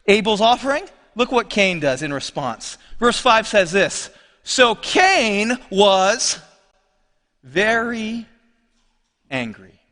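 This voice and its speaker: A man's voice: sits high, sharp tone, long reverb tail. A man preaching a sermon as pastor, talking conversationally and questioning his congregation. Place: church sanctuary.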